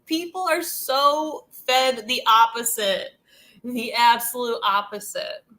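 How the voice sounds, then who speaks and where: A woman's voice: a little high, slow, bright, forceful tone. A woman host chatting casually and loosely, peppering her talk with "like" and "dude" and laughing between thoughts. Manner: rambling, heavy use of "like" and "dude". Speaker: channel host. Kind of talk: casual commentary chat.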